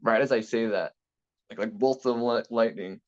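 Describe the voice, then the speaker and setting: A young man telling a story from his school days in a relaxed interview, talking casually with many fillers and restarts. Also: mid-range voice, moderate pace. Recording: slightly dull lo-fi sound.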